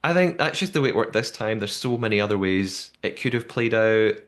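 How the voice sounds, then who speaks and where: A man's voice: lowish voice, expressive, fairly quick. A man co-hosting a podcast in casual chat. He reads listener messages aloud and often restarts his sentences. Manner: chatty, often restarts and repeats words. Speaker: podcast co-host.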